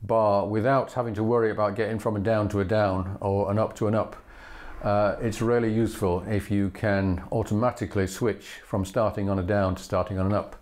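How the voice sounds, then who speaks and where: A man with a lowish, fairly flat voice, speaking a little fast, demonstrates fiddle bowing patiently, alternating spoken steps with sung rhythms. Between phrases, the fiddle plays loudly.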